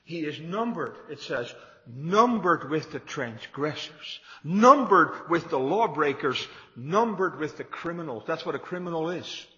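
Man, pastor, sermon, emphatic repetition, fairly high voice, long hall echo. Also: animated, measured pace, fairly bright tone, highs cut off.

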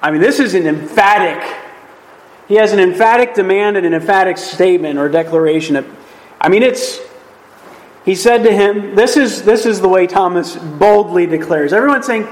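Emphatic high-voiced male Bible teacher. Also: moderate pace, rough recording. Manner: emphatic, conversational, frequent "right?".

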